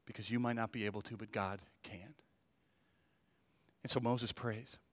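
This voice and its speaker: A male pastor preaching a sermon, swinging between loud emphasis and hushed asides. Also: lowish voice, fairly even intonation, moderate pace. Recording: long reverb of a church hall.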